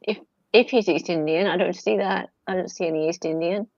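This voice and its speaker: A woman's voice: on the low side, fairly quick, no room sound. A woman co-hosting a casual stream, chatty and telling stories with plenty of laughter. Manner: chatty, animated storyteller with laughs. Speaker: stream co-host. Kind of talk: casual chat. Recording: dull dry lo-fi sound.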